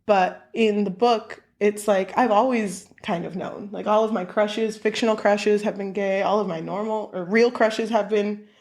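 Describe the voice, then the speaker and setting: A woman's voice: moderate pace, hardly any pauses. A woman co-hosting a casual book podcast, swearing freely and acting out quotes from the story. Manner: animated, swears, acts out quotes with big pitch jumps. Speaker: podcast co-host.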